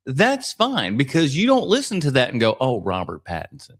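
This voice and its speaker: A man hosting a live podcast stream, chatting casually and teasing, with lots of quick restarts. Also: medium pitch. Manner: animated and teasing, many restarts. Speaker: podcast host reacting to clips.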